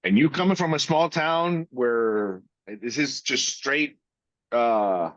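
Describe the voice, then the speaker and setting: A man's voice: medium pitch, no room sound. Blunt, profane man, dry lo-fi sound. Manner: blunt and profane, with drawn-out pauses. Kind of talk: casual chat.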